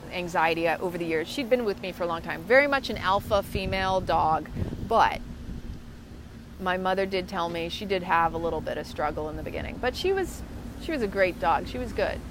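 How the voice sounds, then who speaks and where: A woman co-hosting a casual live-stream, chatting warmly and effusively to viewers and greeting them by name outdoors at a waterfront. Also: lowish voice. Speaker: co-host of an online live show. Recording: outdoor recording with clear traffic noise. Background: outdoor ambience and passing vehicles.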